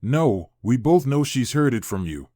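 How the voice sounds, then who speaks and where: A man's voice: mid-range voice, very animated, unhurried, mellow, no echo, clean studio sound. A man voicing a stern, controlled wife and mother in a read-aloud story, speaking firmly and scolding.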